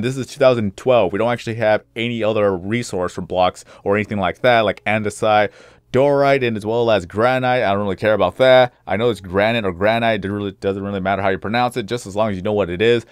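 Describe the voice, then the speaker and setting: A man's voice: lowish voice, smooth, no room sound, studio quality. A young man, a gaming YouTuber, chatting casually over his gameplay, rambling, often correcting himself and repeating phrases.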